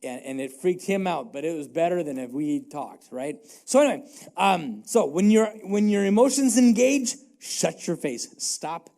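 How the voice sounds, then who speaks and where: A man's voice: high voice, lively intonation, normal speed, dark tone. A male pastor giving a conversational, self-deprecating sermon in a church, hammering home short repeated catchphrases. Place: church sanctuary.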